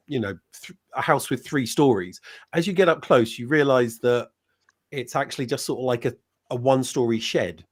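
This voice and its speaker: Earnest man explaining on a stream. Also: mid-range voice. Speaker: stream panelist. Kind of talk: casual chat.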